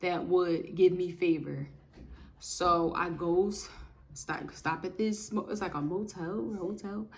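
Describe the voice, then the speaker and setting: A woman giving a casual spoken testimony of faith, telling her story in an animated, emphatic way with lots of repetition. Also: fairly low pitch, slow pace.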